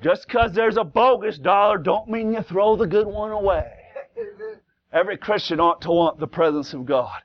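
A man preaching a fiery Pentecostal sermon in a church, swinging from low conversational asides to shouted exhortation in plain, folksy speech. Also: normal speed, highs cut off. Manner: folksy plain-spoken grammar. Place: church sanctuary.

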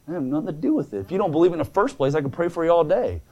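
A man preaching a sermon that answers written questions, telling folksy stories in plain speech and swinging between soft pleading and fervent calls. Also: a little high, expressive, rapid-fire, hardly any pauses. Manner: folksy plain-spoken storytelling.

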